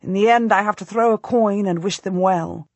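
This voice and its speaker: A woman narrating a first-person historical novel as an audiobook, in a measured, steady way. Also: medium pitch, dry recording.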